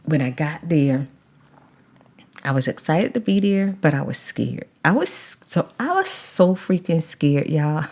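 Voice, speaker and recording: A woman vlogger and mother, telling a story in a casual, animated way and stretching words for emphasis. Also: low-pitched. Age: adult, mother of a child. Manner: animated retelling, drawn-out emphasis.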